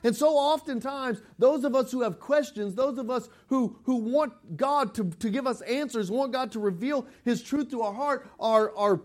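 High-voiced man preaching a sermon. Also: normal speed, hardly any pauses. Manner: conversational preaching, rising to emphatic scripture quotes. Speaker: pastor.

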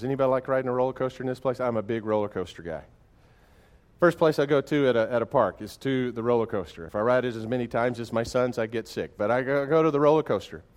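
A man preaching a sermon in a folksy, conversational way, telling stories with animated swings from quiet and slow to loud and excited, often restarting his words. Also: mid-range voice. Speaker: pastor.

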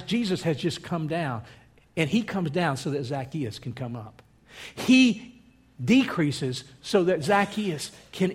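A man preaching a sermon, animated, acting out the voices of the crowd. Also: fairly high pitch. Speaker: pastor.

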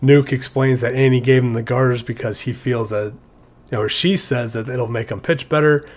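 Male, mid-pitched, casual fan monologue, conversational, restarts lines, light chuckles. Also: fairly even intonation, normal speed. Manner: conversational, chuckles at his own stories, restarts sentences. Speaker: movie fan talking about favorite scenes. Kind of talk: casual monologue recapping film scenes.

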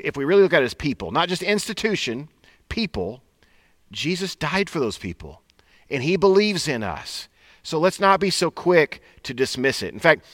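Man, pastor's sermon, bright forceful voice, dry close sound. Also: mid-range voice, no room sound. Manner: conversational, folksy preaching with frequent "right?".

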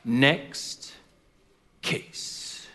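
A man acting out a corrupt, arrogant judge who coldly brushes off a widow. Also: drawn-out words. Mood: dismissive. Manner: dismissive, flat brush-offs. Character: corrupt, arrogant male judge, dismissive and cold. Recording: long reverb of a large hall.

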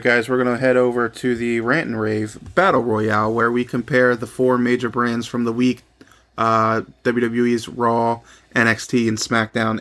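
A man's voice: medium pitch, fairly bright tone. A man hosting a casual wrestling podcast, upbeat and steering the talk between his co-hosts. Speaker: podcast host.

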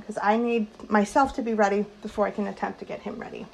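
A woman hosting her own podcast, talking casually from her home kitchen, with lots of likes and quick self-corrections. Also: medium pitch, level tone, vocal fry, slight background noise, rough recording. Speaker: podcast host and social worker.

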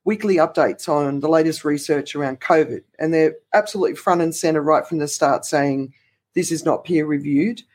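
Guy rambling through a news roundup, um-ing a lot, fairly high voice. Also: normal speed, a little mellow. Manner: rambling, many restarts and fillers. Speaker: podcast co-host. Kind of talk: casual news roundup chat.

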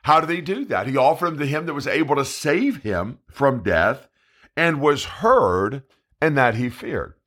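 Bright, lively-voiced preacher man. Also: mid-range voice, unhurried. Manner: preaching, reading scripture aloud with emphasis. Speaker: evangelist preacher. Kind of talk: Bible study sermon.

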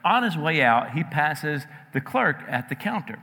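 A preacher from New York, raised in New Jersey, tells a story to his listeners with animated, conversational energy. His voice is bright and forward. It rings out with the long reverb of a large hall. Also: on the high side, unhurried. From New York area, raised in New Jersey. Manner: animated, conversational, addresses audience directly. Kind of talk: storytelling in a sermon.

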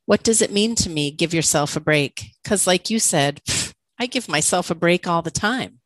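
Candid, lower-voiced woman musing aloud. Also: lively intonation, normal speed, no room sound, rough recording. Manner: candid and self-questioning, laughs often. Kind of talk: reflective conversational podcast talk.

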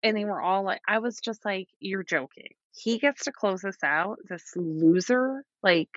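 A woman's voice: mid-range voice, normal speed, dry recording, lo-fi sound. A woman co-hosting a podcast in casual chat, speaking emphatically and indignantly. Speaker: podcast co-host.

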